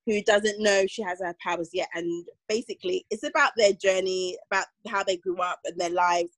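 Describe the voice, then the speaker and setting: A woman's voice: medium pitch, no echo, rough recording. A young woman co-hosting a podcast, chatting casually and correcting herself as she reviews a series. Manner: chatty, rambling, self-correcting. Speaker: podcast co-host.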